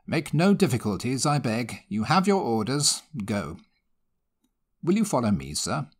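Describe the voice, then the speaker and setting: A man's voice: mid-range voice, very animated, a little slow. A man voicing an impatient, commanding country squire who speaks brusquely.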